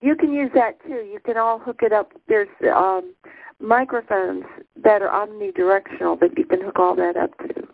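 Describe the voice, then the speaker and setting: A woman on a spiritual call-in show, warmly encouraging the caller and guiding everyone through deep breaths. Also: lively intonation, moderate pace, vocal fry. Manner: encouraging, guides group breathing. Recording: tinny phone line.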